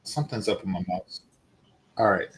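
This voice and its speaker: A man's voice: sits low, animated, normal speed. A man in his forties hosting casual, opinionated commentary and speaking directly to his viewers. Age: 40s. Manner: conversational, opinionated, addressing viewers. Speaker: host.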